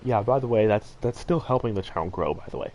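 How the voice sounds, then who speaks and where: A man's voice: fairly low pitch, lively intonation, fast, a little mellow, dull audio. A man streaming a game and chatting casually, earnest and heartfelt, rambling with lots of fillers and restarts. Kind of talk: casual livestream chat while gaming.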